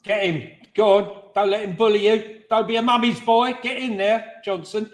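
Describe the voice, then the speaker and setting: A man co-hosting a football watch-along, loudly heckling and swearing at the game. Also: high-pitched, steady tone, normal speed. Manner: loud, swearing fan heckling the screen.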